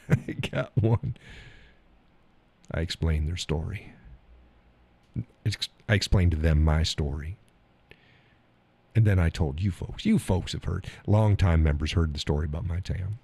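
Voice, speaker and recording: A man's voice: low voice, moderate pace, gravelly, darkish tone, husky. A man hosting a live stream, chatting casually about viewer comments, rambling, repeating himself and chuckling often.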